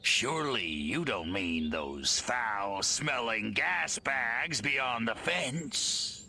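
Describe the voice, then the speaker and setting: A wisecracking alien trooper. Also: male voice, medium pitch, expressive, extremely slow, vocal fry, bright, forceful tone, slight background noise, full character voice. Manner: sarcastic, teasing. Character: wisecracking cocky male alien soldier.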